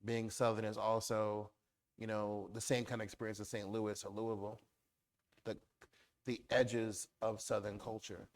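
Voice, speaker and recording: A man speaking as a guest author in a public conversation, riffing through animated lists. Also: on the low side, normal speed.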